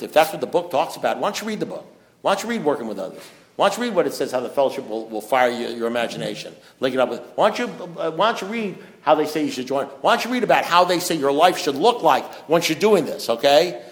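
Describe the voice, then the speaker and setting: A middle-aged man giving a blunt, preachy talk at a recovery meeting, swinging from loud urging to low, quiet passages. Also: big pitch swings, fast talker. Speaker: AA speaker.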